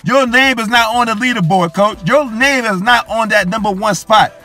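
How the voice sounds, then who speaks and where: A young man calls his own football video game match in a high, bright voice. He brags and hypes himself up, circling back to the same catchphrases again and again. Soft music runs faintly in the background. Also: normal speed. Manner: hyped, boastful, repeats phrases ending in "coach" and "yo". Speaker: gaming YouTuber. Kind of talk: live gameplay commentary.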